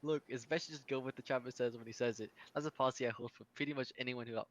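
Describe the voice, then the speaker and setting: A man's voice: medium pitch, steady tone, rapid-fire, muffled recording. A man playing through a dating game with a friend, reading its text aloud and joking about it, often laughing. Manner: laughs often, reads narration then jokes about it. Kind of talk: casual game playthrough, reading and riffing.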